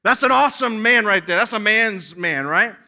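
A man's voice: sits high, lively intonation, moderate pace, bright, forceful tone. A man preaching a sermon, reading scripture aloud and breaking off to exhort his listeners with rising emphasis. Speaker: pastor.

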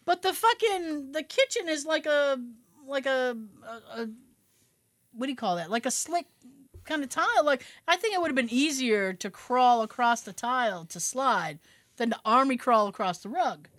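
A woman's voice: high-pitched, lively intonation, moderate pace, a bit bright, no echo. A woman co-hosting a podcast, telling a family story in casual chat, swearing now and then and laughing as she goes. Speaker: podcast co-host.

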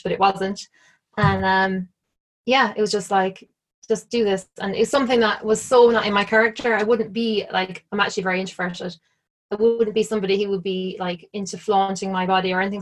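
An Irish woman telling a story in an interview, chatty and full of "like". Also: mid-range voice. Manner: chatty, full of "like", acts out quoted lines. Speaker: interview guest. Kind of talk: casual storytelling.

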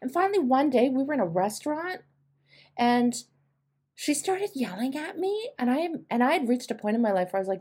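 A woman's voice: sits high, big pitch swings, fairly quick, darkish tone, husky. A woman host coaching a caller, telling candid stories with emphatic, direct delivery. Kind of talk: coaching advice on a call.

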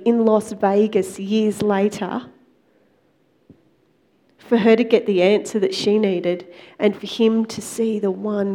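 A woman giving a Christian testimony, retelling a story in a conversational way, with lively quoted dialogue. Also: medium pitch. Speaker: Christian speaker.

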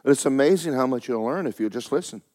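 A man preaching a sermon, with folksy asides, rising loud to stress a point and dropping low to tell a story. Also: expressive, fast. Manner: folksy preaching, rises loud for emphasis, drops low for stories. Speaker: pastor.

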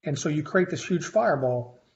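A man in his fifties, a faculty instructor telling stories in a conversational interview, with animated delivery and frequent restarts. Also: fairly high pitch, moderate pace, gravelly. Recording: slightly muffled lo-fi recording.

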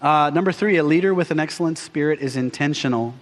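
A middle-aged pastor preaching from the pulpit in a big church, his fairly high voice ringing out with a long hall echo. He tells stories with animated energy, slipping into acted voices along the way. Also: fast. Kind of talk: sermon. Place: church sanctuary.

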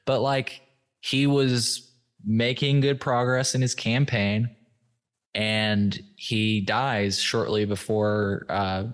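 A man with a fairly low voice hosts a casual podcast interview. He talks loosely and hesitantly, pausing and restarting as he gathers his thoughts. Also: level tone. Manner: hesitant, many fillers and restarts. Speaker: podcast host.

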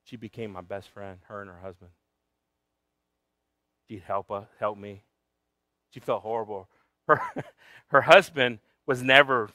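A man preaching a sermon, telling a personal story with big swings from loud shouting down to a near whisper, sometimes switching to Spanish for the congregation. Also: on the low side, dry recording, studio quality. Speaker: pastor.

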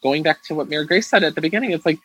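Male co-host with a slightly husky voice, earnest, halting delivery. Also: a little high, a bit bright, faint music behind, rough recording. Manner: earnest, restarts often, talks to listeners. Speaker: podcast co-host. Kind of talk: casual podcast chat.

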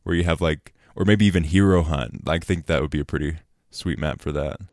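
A man hosting a casual podcast chat, eager and quick to agree enthusiastically. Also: extremely low pitch, vocal fry, darkish tone, no room sound, clean studio sound. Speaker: podcast host.

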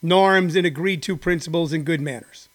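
A man's voice: fairly high pitch, normal speed. An older man hosting a podcast, giving rambling, opinionated commentary. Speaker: podcast host. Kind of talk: casual political commentary.

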